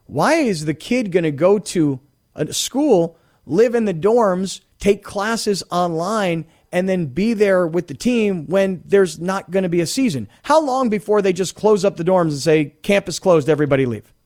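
Hosting sports talk radio from a studio, a middle-aged man speaks high-pitched and unhurried, his animated, rambling talk full of acted-out voices of the people he quotes.

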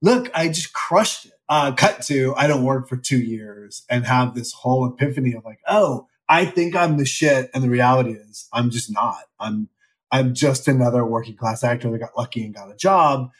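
A man's voice: mid-range voice, normal speed. Male, 50s, guest actor; loose, rambling, self-mocking podcast chat. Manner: candid, rambling, self-deprecating. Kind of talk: casual interview chat.

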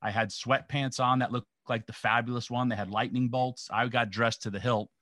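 A man's voice: medium pitch, fairly even intonation, normal speed, bright, forceful tone, no room sound, clean studio sound. A middle-aged man from New York, a former pro wrestler, telling rambling stories in a casual interview and acting out the quotes. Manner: rambling anecdotal, acts out quotes.

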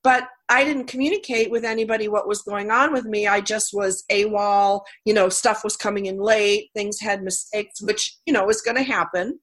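A woman's voice: medium pitch, fairly even intonation, moderate pace, hardly any pauses, a bit bright. A woman hosting a coaching talk show, telling personal stories candidly with lots of "you know" fillers. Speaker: podcast host and coach. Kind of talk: conversational interview.

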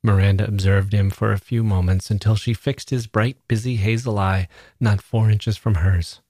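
A man reading literary fiction aloud as narrator, in a measured, unhurried manner. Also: fairly low pitch, fairly even intonation, a little mellow, no room sound.

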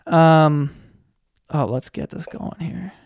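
A man's voice: fairly high pitch, takes it slowly, vocal fry, a little mellow, no room sound. A man hosting a podcast, chatting casually in a profane, rambling, sarcastic way while he searches online. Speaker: podcast host. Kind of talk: casual comedic rant.

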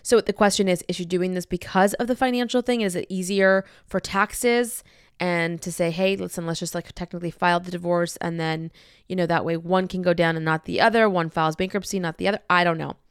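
A woman's voice: on the low side, fairly even intonation, brisk, clear, resonant tone, no room sound, clean studio sound. A woman hosting a podcast in a casual, rambling, candid chat, swearing freely. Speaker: podcast host.

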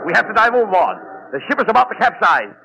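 A man playing the straight man in 1940s radio comedy, brisk, bossy and impatient. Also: high-pitched, big pitch swings, vocal fry. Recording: noisy old radio recording.

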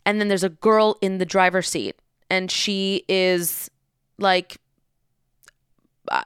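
A young woman telling a story in a lively, casual way, acting out the people in it and swearing freely. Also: medium pitch, smooth, dry recording, clean studio sound. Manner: animated, acts out voices, swears freely.

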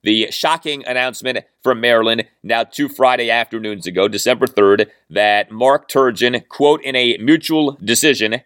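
A man's voice: mid-range voice, fairly bright tone, no echo, clean studio sound. A man in his forties hosting a sports talk podcast, delivering an emphatic, argumentative opinion monologue and often asking "okay?". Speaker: podcast host.

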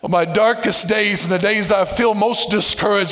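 Pastor, male, high-pitched; dynamic sermon delivery, joking and then shouting for emphasis. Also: fairly even intonation, moderate pace, few pauses. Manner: dynamic, swings from soft asides to shouted emphasis; playful, with humorous asides and call-outs to the congregation.

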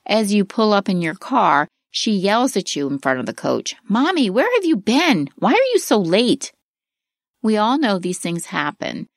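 Expressive middle-aged woman narrating advice. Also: lowish voice, no room sound, clean studio sound. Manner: clear, expressive advice-giving delivery. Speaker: parenting course narrator. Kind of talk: scripted instructional narration.

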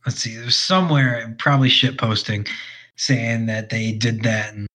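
A man co-hosting a casual podcast chat over drinks, joking and teasing with quick questions. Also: medium pitch, steady tone, bright, forceful tone, poor audio. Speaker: podcast co-host.

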